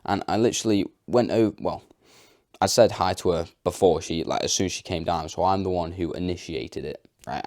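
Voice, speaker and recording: A young man talks straight to camera in a loose, unscripted way, leaning on fillers and poking fun at himself. His voice sits low. The recording is dry and close, with no room sound. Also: a little mellow, dry recording. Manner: chatty, filler-heavy, self-deprecating. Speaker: vlogger.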